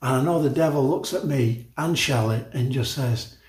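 An older male pastor in his sixties preaches in a church, his voice carrying round a roomy, echoing hall. He speaks with emphatic conviction, stacks up repeated words and false starts, and drifts into chatty asides. His pitch sits squarely in the middle of the range for a man. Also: normal speed. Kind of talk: sermon.

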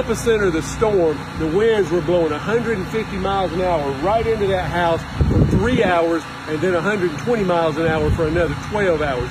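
High-voiced man, folksy on-location report, outdoors, loud traffic noise behind. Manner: earnest, folksy, with fillers. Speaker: ministry volunteer reporting from a storm area. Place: storm-damaged neighborhood outdoors.

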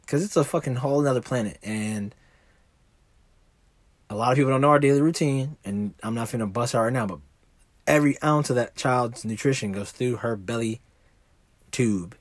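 A man's voice: medium pitch, moderate pace, pauses often, dry recording. A man hosting a podcast, rambling in casual chat and swearing freely. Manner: rambling, profane, laid-back. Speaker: podcast host. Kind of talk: casual monologue.

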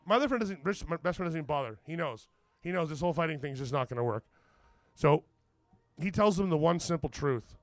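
A man's voice: fast, dry recording. A young man, telling a story on a podcast, swearing casually and acting out every character. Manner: lively, acts out every character with big pitch swings; swears casually, says "like" often. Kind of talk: animated storytelling.

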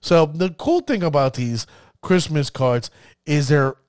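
A fired-up man hosts his own podcast, building hype and tripping over his words as he rambles. His voice sits a touch high for a man. The recording is close and dry, with no room around it. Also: measured pace, a little mellow, dry recording. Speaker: podcast host. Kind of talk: enthusiastic casual podcast talk.

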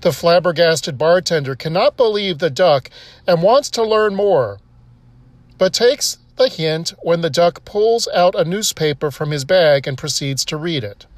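A man's voice: unhurried, no echo. A man reading a scripted joke and short essay, lifting his voice for the characters' lines. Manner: steady storytelling, voicing characters with raised pitch.

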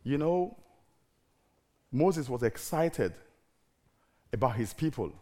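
A middle-aged man preaching a sermon in an animated, theatrical way, firing rhetorical questions at the congregation. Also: mid-range voice, slow.

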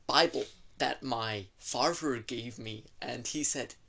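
A man plays a self-important podcast host, pompous and quick to take offence. His pitch sits in the middle, and he keeps breaking into laughter between lines. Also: gravelly, pushed and bright. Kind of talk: improvised comedy chat.

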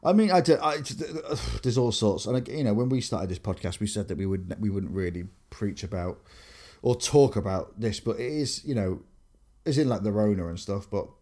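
A young English man, co-hosting a podcast, telling animated stories in casual chat with many restarts. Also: fairly low pitch, normal speed. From England. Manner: animated storyteller, lots of fillers and restarts. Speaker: podcast co-host.

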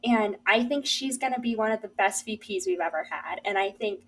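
A young woman co-hosting a podcast in casual chat, earnest and enthusiastic, often saying how excited she is. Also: mid-range voice, fairly quick, a little hiss or hum, low-quality recording. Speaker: podcast co-host.

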